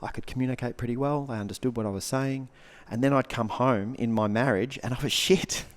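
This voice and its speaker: A man's voice: medium pitch, brisk. A man, a coach and speaker, talking casually on a podcast. He swears freely and acts out the reactions he describes.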